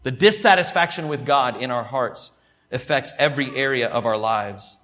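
A man preaching a sermon to his church, emphatic, repeating words, and dropping from loud stresses to hushed asides. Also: mid-range voice, moderate pace. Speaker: pastor.

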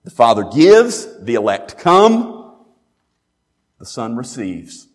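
A man's voice: mid-range voice, wildly swooping pitch, slow pace. A man preaching a sermon as pastor, emphatic, asking rhetorical questions and repeating key phrases. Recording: long reverb in a large hall.

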